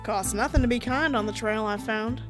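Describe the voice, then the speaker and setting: A woman's voice: a little high, normal speed, over music, lightly acted. A woman voicing a young, scarred male hawk outlaw who speaks courteously in a put-on Southern drawl. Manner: courteous, folksy cowboy talk.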